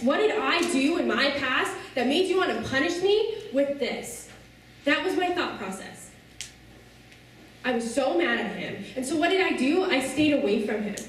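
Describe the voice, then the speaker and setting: High-voiced woman in an echoey hall. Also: recorded from a distance, slight background noise. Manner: earnest storytelling that checks in with the audience. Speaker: speaker addressing a youth audience. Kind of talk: personal testimony talk.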